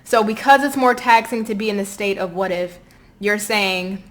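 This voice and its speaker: A woman's voice: medium pitch, moderate pace. Woman, Southern US accent, tarot reader, casual and chatty, encouraging. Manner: chatty, encouraging, talks straight to viewers.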